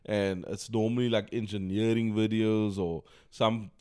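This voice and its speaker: A man's voice: on the low side, level tone, measured pace, darkish tone, clean tone. Tired, laid-back South African man. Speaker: podcast co-host. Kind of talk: casual chat.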